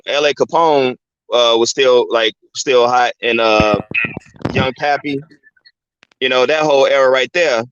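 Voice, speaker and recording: A man's voice: fairly high pitch, a bit bright, dry recording. A man hosting his show and talking loosely and casually, often asking "you know what I'm saying?". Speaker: host. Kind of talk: casual commentary monologue. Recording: dry, dull lo-fi sound.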